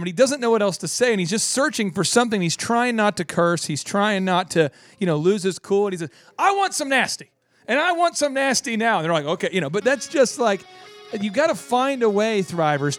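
A man hosting a business talk radio show, telling stories quickly and acting out the quotes he tells. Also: sits high. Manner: quick storytelling, acts out quotes. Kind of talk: casual radio chat.

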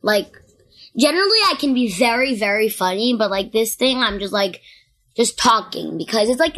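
A woman's voice: a little high, animated, moderate pace, fairly bright tone. Chatty girl guest, full of fillers. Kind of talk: casual chat.

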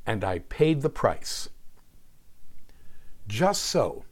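A man in his sixties, from New Jersey, hosts his show with scripted narration. His pitch swings widely as he tells stories in a dry, sardonic way. His voice sits in a middling register. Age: 60s. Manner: wry, sardonic storytelling. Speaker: podcast host.

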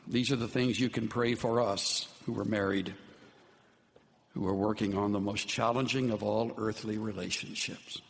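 A man preaching a sermon as pastor, earnest in tone and often dropping to soft, low words for emphasis. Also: steady tone, moderate pace, gravelly. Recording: long hall reverb.

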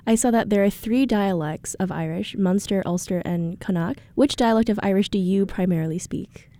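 Mellow-voiced woman radio host. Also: mid-range voice, dry recording. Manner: polite, measured questioning. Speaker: radio news host, interviewer. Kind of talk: radio interview.

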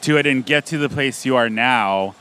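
A man's voice: mid-range voice, normal speed, bright, forceful tone, slight background noise. A man interviewing a guest, asking long, chatty questions in a casual way.

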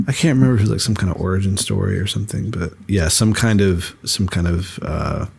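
A man co-hosting a podcast in relaxed chat, rambling with lots of fillers and restarts. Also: low voice, fast, gravelly, breathy edge. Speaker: podcast co-host. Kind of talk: casual chat.

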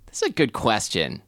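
Crude, hesitant man with a lively pitch. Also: no echo, clean studio sound. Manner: hesitant, crude, deadpan jokes. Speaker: podcast co-host. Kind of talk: casual chat reading a novel aloud.

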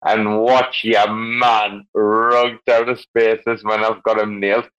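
A boisterous man who rambles and swears his way through loose banter, his pitch jumping all over the place. His voice comes through a muffled, lo-fi online call line. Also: little pitch movement, slow, fairly bright tone, clear, resonant tone. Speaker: guest speaker in a crypto audio space. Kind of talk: rowdy casual banter.

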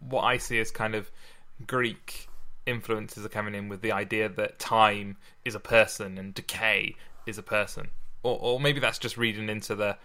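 A man's voice: fairly low pitch, steady tone, normal speed, sharp tone. A man co-hosting a podcast, chatting casually about poetry, often repeating words and laughing. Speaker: podcast co-host. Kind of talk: casual chat about sonnets.

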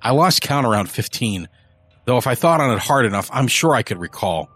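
A man's voice: mid-range voice, animated, a little fast, a bit bright, slightly rough, faint music behind. A man voicing an arrogant rich young killer, who boasts in a cold, offhand way. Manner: casual, callous boasting.

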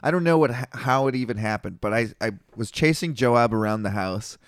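A man's voice: medium pitch, animated, fairly quick, clear, resonant tone, no room sound, clean studio sound. A young man telling stories in casual chat, swearing freely, acting out quotes and laughing often.

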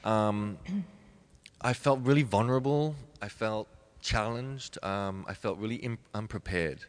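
A man in his forties, a ballet dancer being interviewed, who talks thoughtfully with many pauses and restarts. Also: fairly low pitch. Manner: thoughtful, halting, many restarts and soft laughs. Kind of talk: reflective interview conversation.

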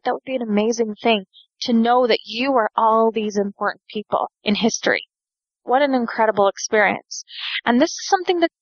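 A woman's voice: a little high, dry recording, dull audio. A woman hosting a podcast, explaining at length in a chatty way with wry asides to listeners. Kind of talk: casual explanatory talk.

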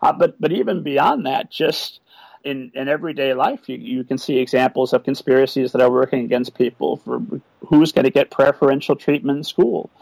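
Creaky-voiced man, eager podcast guest. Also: mid-range voice, brisk, a little mellow, no echo, rough recording. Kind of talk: enthusiastic interview answers.

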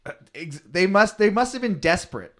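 A man's voice: high-pitched, lively intonation, brisk, pushed and bright. Man reading scripture aloud, then riffing. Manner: reads verses aloud in a raised voice, then riffs loosely. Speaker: podcast co-host reading scripture. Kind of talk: casual comedic chat.

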